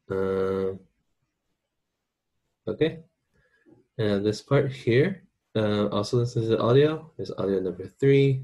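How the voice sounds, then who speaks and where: Husky low-voiced male teacher. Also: a little mellow. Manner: informal, checks in with "okay?" and "right?". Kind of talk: recorded online lesson.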